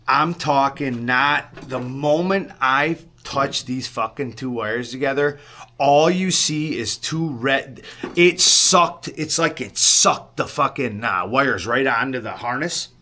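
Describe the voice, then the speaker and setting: A man recounts a story in loose, rambling fashion, full of swearing and little check-ins with the listener. His voice is bright and forceful at a middling pitch, and the tone stays sheepish and rueful. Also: slow pace. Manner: rambling, swears often, keeps asking "right?". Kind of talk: casual storytelling to camera.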